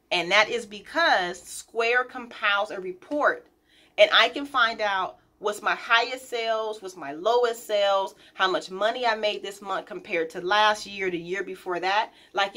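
Emphatic, bright-voiced woman business owner. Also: mid-range voice. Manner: emphatic, direct, repeats key points; informal and lively, addresses viewers as y'all. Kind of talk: casual motivational vlog talk.

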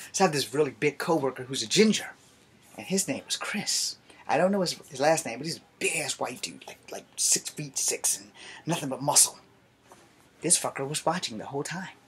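A man telling a story from his youth in a casual live stream, animated and profane. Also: medium pitch, slight background noise.

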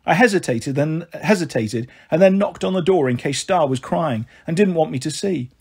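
A man reads a children's novel aloud in a steady first-person narration. His voice sits a little high for a man and has a husky edge. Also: a little fast. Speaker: storyteller. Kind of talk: storybook reading.

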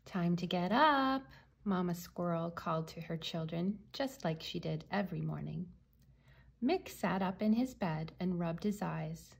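A woman reading a children's picture book aloud with gentle, clear storytelling. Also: lowish voice, a little slow.

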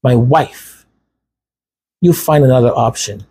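A man's voice: mid-range voice, slow pace, warm tone, breathy edge. A man quoting his father, a protective husband standing up for his wife, in a firm tone.

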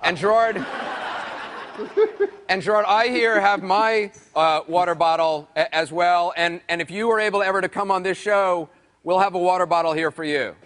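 High-voiced amused talk show host. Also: male voice, normal speed, a bit bright, a little hiss or hum.

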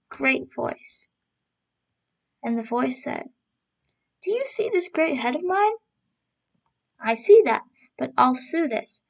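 A woman reading a storybook aloud as a storyteller, in a steady, even-paced read-aloud manner, on a dull lo-fi recording. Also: fairly high pitch, creaky.

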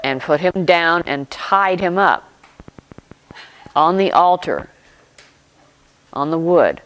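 Slow, deliberate preacher in short phrases. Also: mid-range voice, a bit bright, poor audio. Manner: explains and reflects aloud. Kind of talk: sermon retelling a scripture story.

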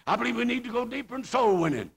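An older man preaching a revival sermon in a folksy way, rising into shouts. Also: very high-pitched, expressive, rapid-fire, gravelly, breathy edge.

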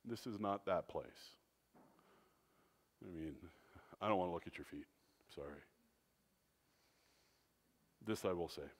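A man preaching a sermon as pastor, dramatic, swinging between loud, emphatic phrases and hushed, low ones. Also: slow pace, pauses often. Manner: dramatic preaching with wide swings in loudness and pitch. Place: church sanctuary. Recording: long church reverb.

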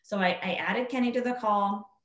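A woman telling a story casually to a group, acting out what people said in a higher voice. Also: normal speed, a bit bright, reverberant, poor audio. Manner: chatty, acts out quoted speech in a higher voice. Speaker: team member sharing a story.

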